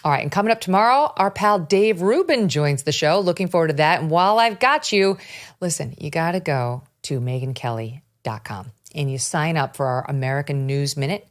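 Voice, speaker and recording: A woman's voice: deep voice, expressive, brisk. A woman hosting a talk show, speaking emphatically and with disbelief about politics. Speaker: podcast host. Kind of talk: political commentary chat.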